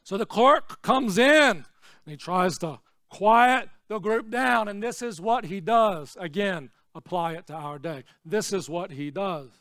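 Pastor, male, very high bright voice, dry close sound; preaches in swings from hush to shout. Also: animated, unhurried, no echo. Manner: swings between hushed, low asides and shouted, repetitive preaching. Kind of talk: sermon.

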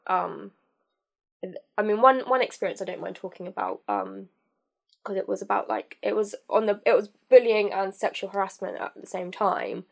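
Speaking with vocal fry at a medium pitch, a young woman animatedly tells a personal story on a podcast. She's candid but halting, often restarting and leaning on fillers.

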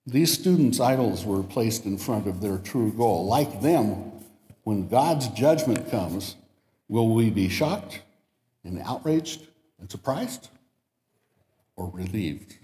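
A man's voice: on the low side, expressive, slow, mellow. A man giving a sermon in a church and reading a story aloud, lifting his voice for the quoted lines. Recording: echoey hall with long reverb.

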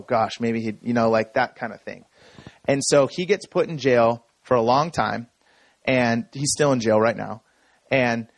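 A man telling a personal story from the stage in a relaxed, conversational way, checking in with the audience as he goes. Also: mid-range voice, no room sound. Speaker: speaker. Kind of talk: conference talk.

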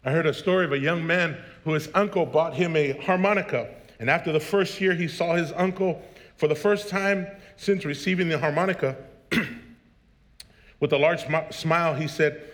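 A man's voice: on the high side, normal speed, fairly bright tone. A man in his thirties preaching a sermon as pastor, telling jokey family stories and then building to emphatic preaching. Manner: storytelling, joking, rising to emphatic preaching. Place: church sanctuary. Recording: long hall reverb.

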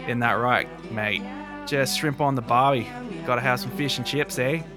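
A man voicing an exaggerated, jokey Australian bloke, shouting out catchphrases over background music. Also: fairly high pitch, normal speed, pitched above the performer's own voice, lightly acted. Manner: loud, over-the-top catchphrases.

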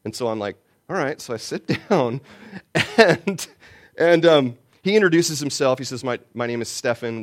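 A man preaching a sermon, telling a personal story and swinging between loud lines and hushed ones. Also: medium pitch. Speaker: pastor.

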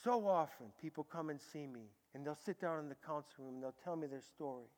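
A man preaching a sermon as a pastor, telling stories with sudden loud bursts and hushed, quiet stretches. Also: a little high, fast talker. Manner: animated storytelling, swinging from loud bursts to hushed tones. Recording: long hall reverb.

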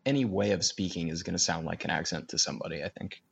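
Midwestern guy on a podcast, husky voice, laughs a lot, kinda lo-fi. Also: low voice, quick pace. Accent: Midwestern American. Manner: chatty, laughs often, thinks aloud. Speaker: podcast co-host. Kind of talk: casual conversation.

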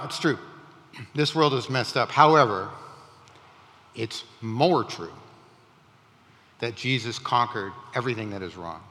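A man preaching a sermon in a conversational, animated way, with rising emphatic questions. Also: on the low side, long reverb tail, a little hiss or hum. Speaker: pastor.

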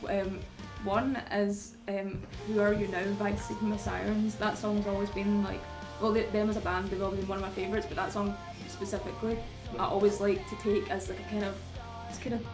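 A woman's voice: mid-range voice, level tone, a little fast, reverberant, music in the background. A woman chatting on a podcast, thoughtful with hesitant fillers and easily turning enthusiastic. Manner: reflective, then bursts into enthusiasm. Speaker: podcast panelist. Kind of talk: casual chat.

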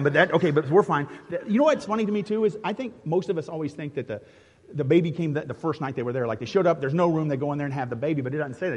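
Here the pastor's voice is a little high, a bit bright and slightly rough as he casually guides the congregation through a live nativity skit in an interactive Christmas sermon. Playful and chatty, he laughs often and keeps restarting. The church sanctuary gives a long, large-hall reverb.

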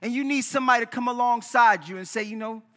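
High bright voice, guy preaching a lively sermon, echoes around the hall. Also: fast talker. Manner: animated preaching, asks "right?" often. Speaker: pastor. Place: church sanctuary.

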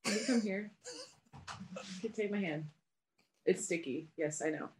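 A woman chatting on a casual podcast in an amused, unhurried way. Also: medium pitch, a little mellow, a little hiss or hum.

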